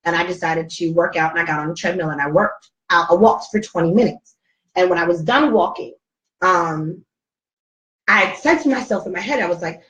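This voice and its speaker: A woman's voice: lowish voice, a little fast, a bit bright. A middle-aged woman hosting a casual talk show, telling a personal story in a heartfelt, emotional way. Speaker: host. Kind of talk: casual chat. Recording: roomy, distant, dull-sounding mic.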